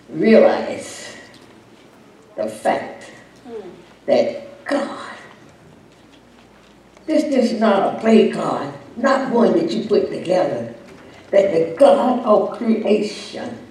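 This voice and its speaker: A woman preacher delivering a sermon, emphatic and building to loud, fervent peaks. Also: medium pitch. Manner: emphatic, swelling to loud climaxes. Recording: echoey room, distant mic.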